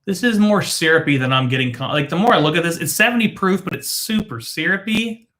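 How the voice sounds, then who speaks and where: A man's voice: fairly high pitch, animated, brisk, fairly bright tone. A man hosting a drinks show, chatting casually and joking through a tasting. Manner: playful, joking, mock-frail grumbling.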